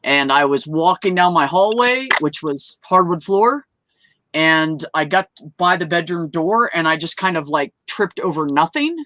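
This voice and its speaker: A woman telling a personal story at an open mic, animated, swearing freely and laughing mid-story as she acts out the people in it. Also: deep voice, unhurried, no echo. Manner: acts out quoted voices. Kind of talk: casual storytelling.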